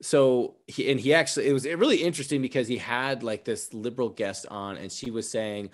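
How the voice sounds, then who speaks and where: A man in a casual podcast conversation, his speech halting and full of restarts as he feels his way toward a point. His voice is mid-pitched and ordinary. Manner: halting, restarts often, trails off. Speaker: podcast co-host.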